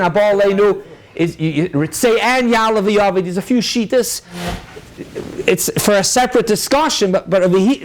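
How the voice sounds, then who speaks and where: A rabbi lecturing a room of listeners, his voice sitting high for a man. He moves briskly through the sources, answers questions as they come, and drops Hebrew and Yiddish terms into his English. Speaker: rabbi teaching a class. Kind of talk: halachic lecture to a live audience.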